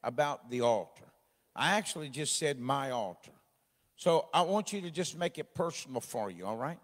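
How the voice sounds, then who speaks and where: Folksy New preacher in a hall. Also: male voice, mid-range voice, lively intonation, normal speed. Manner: folksy, joking, rising to loud exhortation. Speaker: pastor. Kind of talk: sermon. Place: church sanctuary.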